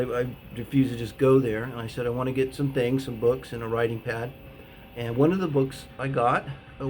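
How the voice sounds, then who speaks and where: A man telling a personal story in a casual, rambling way, with many pauses and fillers. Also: medium pitch, slight background noise. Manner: rambling and hesitant, full of fillers. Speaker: author telling his own story.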